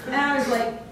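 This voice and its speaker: A young woman with a high voice tells a funny story live on stage, unhurried and often breaking into laughter. She is heard from a distance in a very echoey hall. A faint hum sits beneath her voice. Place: theater stage.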